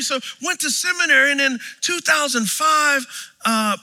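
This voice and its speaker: A high-voiced man in his forties preaching with a bright, forceful tone. He tells stories animatedly, jumping from loud exclamations to hushed lines, and his voice rings through a long-echoing hall. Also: moderate pace. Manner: animated, storytelling, swings from shouts to quiet. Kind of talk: sermon.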